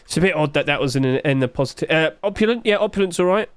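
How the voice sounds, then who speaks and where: A man's voice: on the high side, expressive, fast talker, smooth, no echo. A man, musing aloud in casual livestream commentary and asking himself rhetorical questions. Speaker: streamer.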